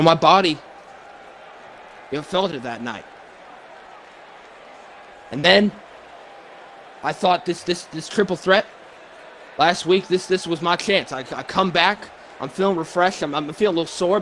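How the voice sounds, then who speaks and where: Man doing a worn-out emotional wrestler, halting, stammering, slightly high voice, faint hiss behind. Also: fairly bright tone. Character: weary, emotional male wrestler, middle-aged, soft-spoken. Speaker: fan performer voicing a pro wrestler. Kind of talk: wrestling promo role-play.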